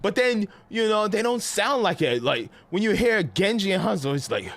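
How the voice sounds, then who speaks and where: A man with a New York accent ranting casually on a game live stream, animated and slangy with lots of restarts. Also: high-pitched, moderate pace, creaky. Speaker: gaming streamer.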